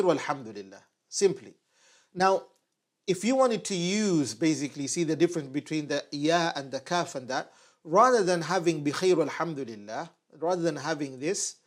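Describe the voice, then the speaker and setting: Patient man teaching at a whiteboard. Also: fairly high pitch. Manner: patient, repeats phrases slowly for learners. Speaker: Arabic teacher. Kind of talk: online language lesson at a whiteboard.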